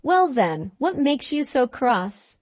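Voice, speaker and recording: A woman's voice: high voice, sing-song, takes it slowly, dry recording, heavily acted. A woman voicing a bluff, hearty young husband in a storybook, jovial and teasing. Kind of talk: storybook dialogue.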